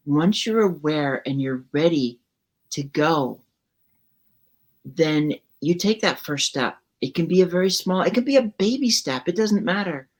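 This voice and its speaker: A woman hosting her live talk show, speaking in a reflective, encouraging and measured way. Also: deep voice, expressive. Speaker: show host. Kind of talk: casual live show chat.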